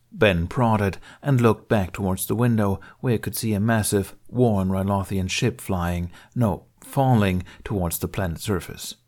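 A man with a fairly low voice reads a fan fiction story aloud. His narration is steady and even, and it moves calmly from line to line. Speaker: audiobook reader.

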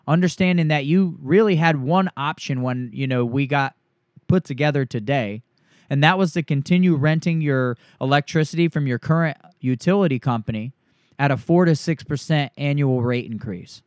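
A man working as a sales coach, walking through a sales script line by line and acting out the pitch he gives a homeowner. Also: normal speed, no room sound, clean studio sound.

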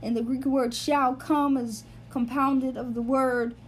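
High-voiced woman teaching scripture. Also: flat delivery, unhurried, slight background noise. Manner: earnest, explains Greek word meanings step by step; repeats phrases for emphasis. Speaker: Bible teacher. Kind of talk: Bible teaching episode.

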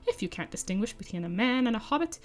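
A woman reading the lines of a spry, sharp-tongued elderly male hobbit poet, cheeky and snarky. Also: a little high, very animated, fast talker. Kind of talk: audiobook-style reading of dialogue.

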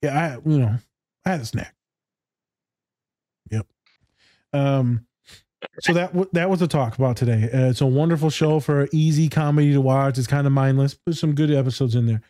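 A man's voice: medium pitch, moderate pace, pauses often, warm tone, no echo, clean studio sound. A man co-hosting a casual podcast chat as a therapist, talking candidly with swearing and laughter. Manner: candid, swearing, laughing, acts out quoted voices. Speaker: co-host, therapist.

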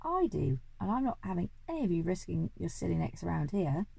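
Lady doing a grumpy old duke from a storybook, bellowing, gravelly. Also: on the low side, very animated, brisk, dark tone, no echo, heavily acted. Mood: blustering. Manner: bellowing, bossy. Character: blustering old male duke, short-tempered.

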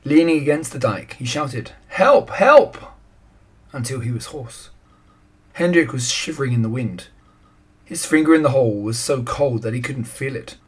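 A man reading a children's story aloud in a calm, even storytelling manner. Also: medium pitch, moderate pace, slightly rough.

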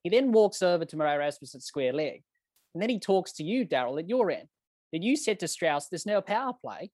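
A man hosting a podcast interview, asking eager, lively questions and retelling events. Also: on the high side, brisk, dry recording. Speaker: podcast host.

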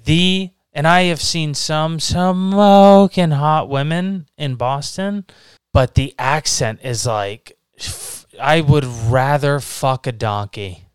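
A man's voice: a little high, slow pace, clean tone, dry recording. A young man with a Rhode Island accent, a podcast co-host joking and cursing in easygoing banter over beers. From New England. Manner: joking, profane, laid-back banter. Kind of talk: casual chat over beers.

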